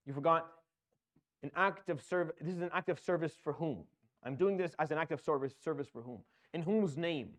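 A man's voice: fairly high pitch, fairly quick. A man giving an earnest religious talk, with repetitions and rhetorical questions. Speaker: Islamic preacher.

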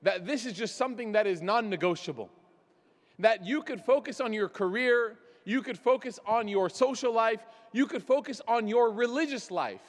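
A man with a notably high voice preaches to a gathered audience, weaving personal stories and wry jokes at his own expense into his message. His words ring out with a long, lingering reverb from a large hall. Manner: storytelling with self-deprecating jokes. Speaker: speaker. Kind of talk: religious talk at a gathering.

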